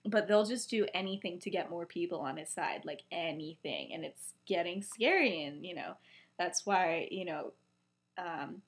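A woman's voice: on the low side, normal speed. A young woman casually retelling a story on a podcast, chatty and full of "he's like" quotes. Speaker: podcast co-host.

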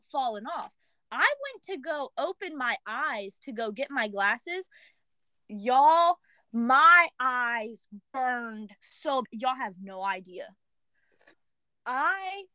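A young woman co-hosting a podcast, telling a story in animated casual chat full of "like" fillers. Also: high voice, no echo. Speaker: podcast co-host.

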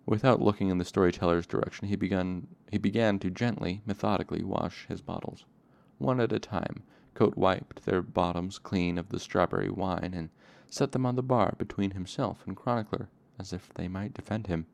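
A man reading a novel aloud in a plain, steady narration. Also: low-pitched, normal speed, creaky, hardly any pauses. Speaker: audiobook reader.

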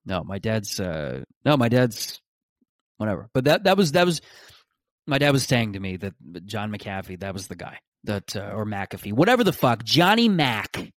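A man's voice: on the low side, big pitch swings, normal speed, no room sound, clean studio sound. A young man, hosting a casual solo podcast, rambling with restarts and self-mocking jokes. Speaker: podcast host.

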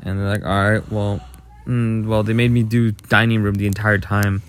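A man's voice: lowish voice, level tone, normal speed, clear, resonant tone. A young man co-hosting a podcast, casually telling a long, profane story about work. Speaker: podcast co-host. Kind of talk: casual chat.

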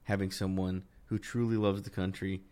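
A man co-hosting a casual podcast conversation, talking in a lively way that climbs higher when he gets worked up, with frequent restarts. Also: moderate pace. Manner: animated, rising in pitch when worked up, many restarts. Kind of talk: casual political chat.

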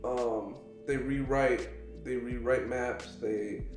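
A man's voice: medium pitch, steady tone, slow, echoey room, soft background music. A man chatting casually about world politics on a podcast, rambling, restarting sentences and swearing offhandedly.

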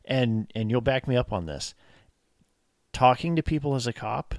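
A man's voice: medium pitch, normal speed, no room sound, studio quality. A man in his thirties, a police officer co-hosting a podcast, chatting casually and acting out quotes. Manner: animated storyteller, acts out quotes.

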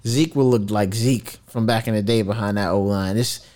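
A man co-hosting a casual sports chat, animated and conversational, making his case with quick asides. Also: on the low side. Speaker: sports podcast co-host.

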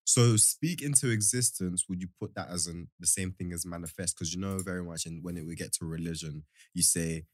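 Deep-voiced young man asking questions. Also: fairly quick, no echo, clean studio sound. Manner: inquisitive, asks probing questions. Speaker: podcast co-host. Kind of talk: casual chat.

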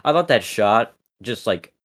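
A man's voice: lowish voice, lively intonation, measured pace. A man co-hosting a podcast, reviewing a TV episode in a rambling casual chat full of fillers and restarts. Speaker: podcast co-host.

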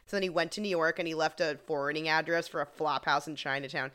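A woman with a somewhat low voice chats through a TV episode recap. Her delivery is casual and wry, with laughs scattered through. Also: steady tone, fast talker, fairly bright tone. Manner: wry, laughing, acts out quotes. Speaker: podcast co-host.

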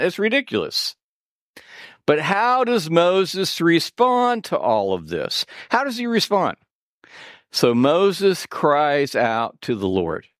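A male pastor delivering a sermon at a slow, deliberate pace. His delivery is animated, swinging up and down with sarcastic asides. The sound is close and dry, with no room echo. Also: on the high side.

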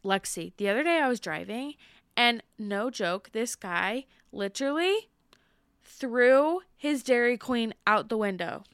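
Bright, ranting young woman podcaster. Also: on the high side, a little slow, clean tone, no room sound, studio quality. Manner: animated, heated ranting with rising outbursts. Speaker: podcast co-host. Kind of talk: casual chat.

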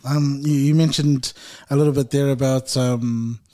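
A man hosting a podcast who asks his questions gently, with a lot of ums and pauses. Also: medium pitch, steady tone. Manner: gentle, hesitant, many fillers. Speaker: podcast host. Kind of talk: interview questions.

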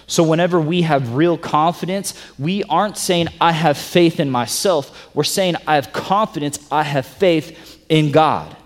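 A man's voice: a little high, a little slow. Preaching man in a reverberant hall. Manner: swings from loud and emphatic to soft and hushed. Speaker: pastor. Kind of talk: sermon.

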